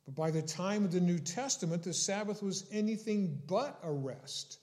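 A man preaching a sermon in a slow, deliberate way, leaning on key words. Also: high-pitched, darkish tone. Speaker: pastor.

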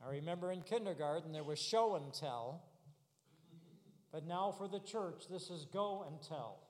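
High-voiced preacher in a reverberant hall. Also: male voice, animated, normal speed, a little mellow. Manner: earnest, builds to emphatic repeated declarations. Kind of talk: sermon.

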